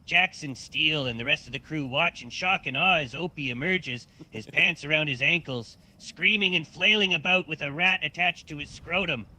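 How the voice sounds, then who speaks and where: A man's voice: fairly high pitch, normal speed, hardly any pauses, bright, forceful tone. A man narrating an improvised role-play story in the third person on a live stream.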